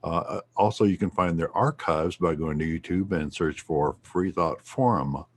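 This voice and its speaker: A deep-voiced man with a husky edge reads station announcements in a steady way. He co-hosts a community radio talk show from a studio. He keeps an even, practiced announcer manner. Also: normal speed.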